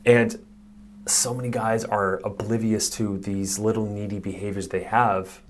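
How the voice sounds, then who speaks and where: A man working as a marriage therapist, giving a lively coaching lesson in a chatty way and acting out quoted voices. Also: lowish voice, a little slow, slight background noise. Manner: lively, acts out quoted voices, chuckles often; conversational, frequent fillers like "like" and "right".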